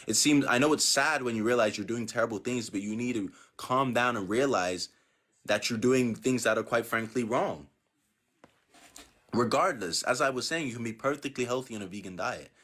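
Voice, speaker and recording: A man hosting an online debate, talking down to his opponents and repeatedly telling them to calm down. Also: lowish voice. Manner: condescending, repeats "my dear boy" and tells others to calm down. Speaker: debate host.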